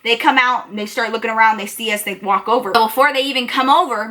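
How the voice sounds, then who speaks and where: High, bright, fiery young woman. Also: brisk, hardly any pauses. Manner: animated, profane, heated storytelling. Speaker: YouTuber. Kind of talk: storytime vlog.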